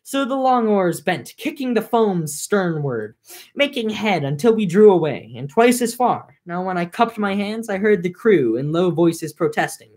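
A woman's voice: medium pitch, expressive, normal speed, darkish tone. A young woman reading an ancient epic aloud, breaking off for casual, filler-heavy commentary. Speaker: reader.

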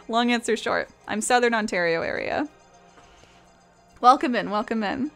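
A woman's voice: fairly high pitch, moderate pace, vocal fry, long pauses, soft background music. A young woman from Canada chatting casually with her live-stream audience as she paints, reading messages aloud and laughing often. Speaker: art streamer.

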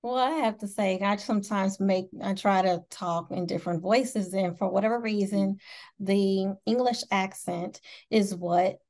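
A woman's voice: mid-range voice, steady tone, measured pace, darkish tone. A woman from Indiana with a Midwestern American accent, hosting an interview in a bubbly, giggly, enthusiastic way. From Indianapolis, Indiana, USA. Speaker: talk show host. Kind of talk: casual interview chat.

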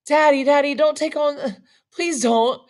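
A woman's voice: medium pitch, animated, normal speed, natural voice. A woman doing a trembling, tearful young daughter. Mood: pleading. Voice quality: trembling, soft.

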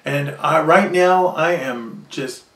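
A man's voice: a little high, slow pace, fairly bright tone. A man delivering a proud, boastful self-promotional vlog monologue about his invention. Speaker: inventor and vlogger. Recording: echoey room, distant from mic.

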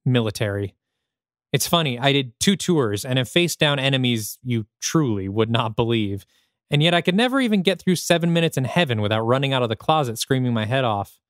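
A man's voice: mid-range voice, animated, fairly quick, a bit bright, smooth, no echo, clean studio sound, close to an everyday voice. A man voicing a jumpy ex-soldier adventurer who talks in a nervous, earnest, self-deprecating way, while reading a screenplay aloud.

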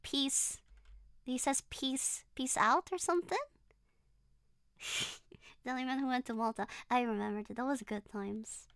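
A woman's voice: on the high side, animated, moderate pace, gravelly, pauses often, clear, resonant tone, no echo, studio quality. A young woman streaming a horror game, chatting casually and rambling with a giggly, hesitant manner. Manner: giggly, rambling, lots of ums and restarts. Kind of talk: casual gameplay chat.

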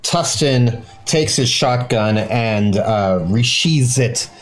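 Player: man on a video call, unhurried, rises and falls a lot. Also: mid-range voice, lively intonation, faint music behind. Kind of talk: casual tabletop play. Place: joining remotely.

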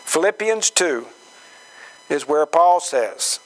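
A man preaching a sermon, slow and emphatic, acting out quoted voices with dramatic swings in pitch. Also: lively intonation, a bit bright, rough recording. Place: church gathering hall.

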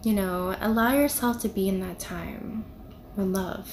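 A woman's voice: medium pitch, unhurried, a little mellow, slight background noise. A young woman giving a casual devotional talk, conversational and full of "you know" and "like". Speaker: devotional video speaker.

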